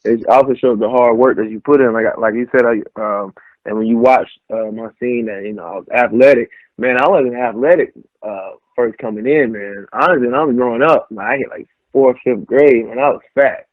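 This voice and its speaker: Over a dry, tinny phone-like connection, a young man who wrestles professionally spins casual stories for an interview. His pitch is medium and his pace moderate, with no room sound, and he animatedly voices other people's quotes.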